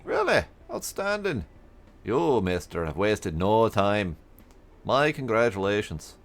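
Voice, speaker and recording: A man's voice: on the low side, very animated, heavily acted. A man doing a pompous blustering mayor. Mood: grandiose. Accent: mock British. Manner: theatrical, drawn-out grandiose delivery.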